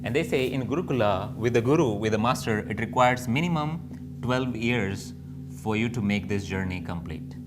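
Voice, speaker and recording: A man's voice: lowish voice, animated, moderate pace, over music. A man teaching yoga, reflective, asking and answering his own questions. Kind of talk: spoken yoga lesson.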